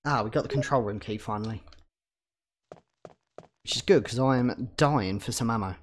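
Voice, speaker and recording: A man's voice: medium pitch, normal speed, slight background noise. A young man with a southern English accent, chatting casually and rambling while streaming a game, swearing often. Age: young adult.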